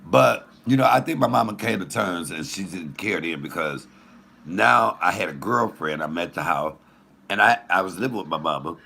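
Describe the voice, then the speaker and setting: A man telling a raunchy personal story as a comedian, loud and profane, while cooking. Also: low voice, moderate pace, gravelly.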